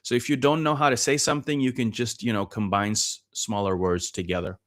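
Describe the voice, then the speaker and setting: Patient, lower-voiced man explaining. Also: fairly even intonation, fairly bright tone. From Norway. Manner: explains patiently, with many "uh" and "um" pauses. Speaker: podcast guest. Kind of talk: casual conversational interview.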